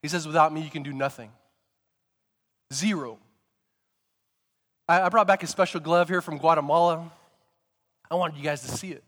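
Man, sermon, storytelling preacher, higher voice, long echo of a church hall. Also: normal speed, long pauses. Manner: storytelling preacher, rising to emphatic shouts. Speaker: pastor.

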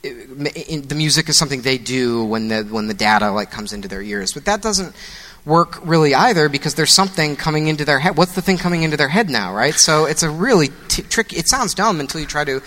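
A man's voice: a little high, lively intonation, fast, bright, forceful tone. A man in a casual philosophical chat, thinking aloud and restarting his sentences. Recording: long hall reverb.

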